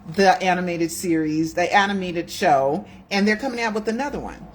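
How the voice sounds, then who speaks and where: Woman in her sixties, low voice, chatty and rambling, home video, faint hiss behind. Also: moderate pace. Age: 60s. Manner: chatty, digressive, emotional. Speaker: video host. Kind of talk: casual chat to camera. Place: home room.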